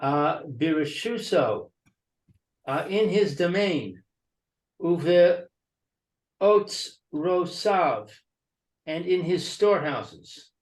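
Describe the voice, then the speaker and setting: Slow, hesitant man reading aloud. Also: fairly high pitch, animated. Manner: reads phrase by phrase, hesitant. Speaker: study partner reading the text. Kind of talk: text study reading.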